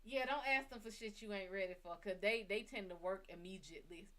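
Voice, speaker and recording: Bright-voiced woman cursing through a story. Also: medium pitch, a little fast. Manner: blunt, heavy cursing, lively retelling. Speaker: psychic reader and show host. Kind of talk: casual storytelling monologue.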